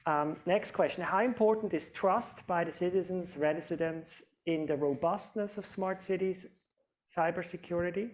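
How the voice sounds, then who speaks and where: Man, panel moderator, slightly high voice, hesitant, lots of fillers. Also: moderate pace.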